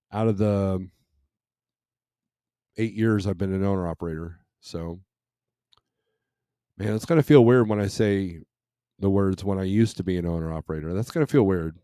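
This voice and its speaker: A middle-aged man hosts a trucking live stream, reading chat and replying in a casual, rambling manner with many restarts and fillers. His voice is fairly low, dark, and smooth, in studio quality with no room sound.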